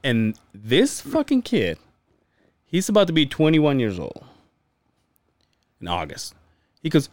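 A man chatting on a podcast, swinging his pitch widely as he acts out everyone in his stories. He curses casually and keeps things loose. The sound is close and dry, with no room echo. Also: takes it slowly, pauses often. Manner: animated storyteller acting out quoted dialogue, swears freely. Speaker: podcast co-host.

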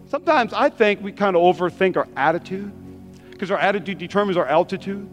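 Male pastor, very high voice, punchy and repetitive delivery, faint music underneath. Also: expressive, a little fast. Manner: emphatic, repetitive preaching with call-and-response. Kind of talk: sermon. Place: church.

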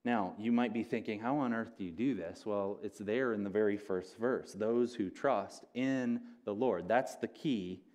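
A man's voice: lowish voice, unhurried, hardly any pauses, a little mellow. A man, a pastor, preaching an earnest, conversational sermon and often restarting his phrases.

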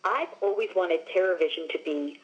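On lo-fi sound, an actress from Long Island, New York speaks a little fast in a lowish voice. As a guest in a casual interview she tells stories with animation, filling them with "like" and "you know."

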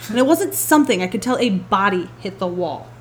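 A woman hosting a podcast in casual chat, telling animated stories, laughing often and swearing casually. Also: mid-range voice, fairly quick, slight background noise. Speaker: podcast host.

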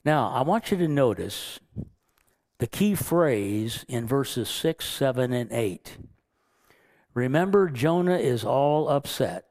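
A man's voice: medium pitch, expressive, slow, darkish tone. A man preaching as pastor, earnest, chuckling now and then and acting out quoted lines. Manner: earnest, chuckles often, acts out God's lines. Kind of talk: sermon.

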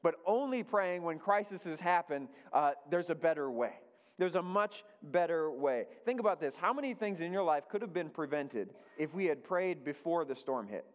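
A man's voice: on the high side, expressive, moderate pace. A man pastor giving a conversational sermon, repeating his key phrases for emphasis. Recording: dull lo-fi sound with long hall reverb.

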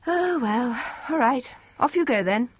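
A woman voicing a stern, formidable young village priest who speaks in a dry, brisk way. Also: a little high, expressive, husky, no room sound, voice pushed up.

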